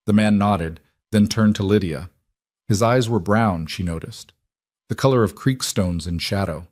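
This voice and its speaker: A man reading a western romance story in an even, unhurried storytelling voice. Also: fairly low pitch, dry recording, studio quality. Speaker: narrator. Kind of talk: scripted audiobook narration.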